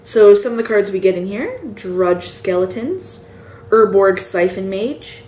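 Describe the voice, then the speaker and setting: A sleepy woman at home drawls through a list of card names at a slow, unhurried pace, now and then unsure how one is said. Her voice bounces around an echoey room, with a faint hum of ambience behind it. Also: mid-range voice, lively intonation, darkish tone. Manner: reads card names slowly, unsure of pronunciations. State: tired, yawning. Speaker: card collector showing a set. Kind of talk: casual show-and-tell.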